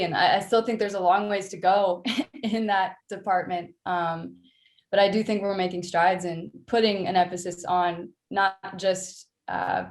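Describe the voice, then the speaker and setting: A woman basketball coach joins a podcast as a guest. Her somewhat low voice carries a roomy echo. She speaks earnestly, with gentle laughs and thinking pauses. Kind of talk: casual interview chat.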